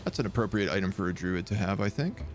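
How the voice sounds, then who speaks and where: A man's voice: low voice, lively intonation, fast talker, faint music behind. A man streaming a strategy game, chatting casually and reading game text aloud. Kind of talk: live gameplay commentary.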